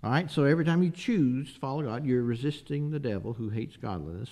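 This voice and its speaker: A man's voice: medium pitch, a little fast, few pauses, mellow. A man preaching a sermon, emphatic and asking the listeners rhetorical questions.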